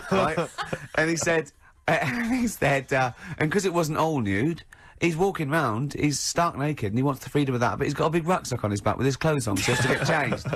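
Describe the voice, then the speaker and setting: A man's voice: on the high side, lively intonation, moderate pace, a bit bright, slightly rough. A man hosting a radio show, telling stories with a laugh and acting out what others said, in casual banter. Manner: laughing storyteller who acts out quotes. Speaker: radio host.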